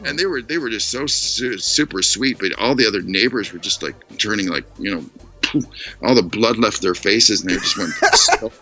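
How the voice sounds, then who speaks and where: A man with a fairly low but bright, forward voice tells long stories on a casual video call. He is animated and keeps slipping into other people's voices, with faint music behind him. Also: normal speed. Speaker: guest storyteller. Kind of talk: casual chat on a live stream. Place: living in Tokyo.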